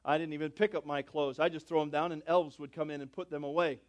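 A pastor preaching a sermon, moving between loud, drawn-out emphasis and quiet, low asides, and asking his congregation questions. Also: flat delivery. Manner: swings between loud emphatic lines and soft low asides, drawing out key words; asks the congregation questions and calls for responses.

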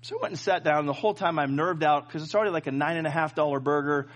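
A middle-aged man preaching, his voice sitting high for a man. He tells a personal story with lots of fillers, restarts and playful asides. He keeps pulling the congregation in with him. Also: quick pace. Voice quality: plenty of filler and restarts, jokey. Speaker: pastor. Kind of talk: sermon.

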